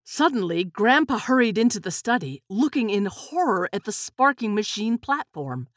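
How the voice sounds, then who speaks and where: A woman reading a storybook aloud in an expressive, unhurried way. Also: mid-range voice, no echo, clean studio sound. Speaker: narrator.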